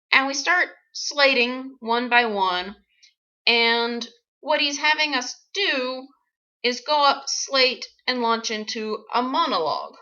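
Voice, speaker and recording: A woman actress telling a comic personal story, animated and wry, with sarcastic asides. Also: on the high side, lo-fi sound.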